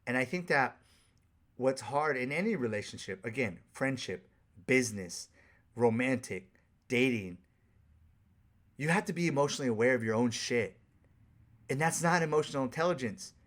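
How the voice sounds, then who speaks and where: A man's voice: medium pitch, animated, moderate pace, pauses often, a bit bright. A man who works as a life coach, giving a candid, profane, conversational solo monologue on a podcast.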